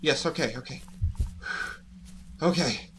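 A gaming channel host provides horror let's play commentary, speaking nervously to his viewers in frightened, jittery, panicky bursts. His voice is medium-pitched and a bit bright, he takes it slowly, and there's slight background noise.

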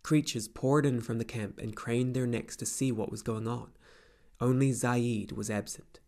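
A man reading a fantasy novel aloud as an audiobook narrator, in an even, measured way. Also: medium pitch. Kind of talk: scripted narration.

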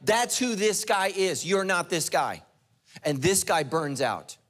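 A middle-aged pastor delivers an animated sermon. His voice sits fairly high for a man, and he acts out the characters in the story. He fires questions straight at the congregation. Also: takes it slowly.

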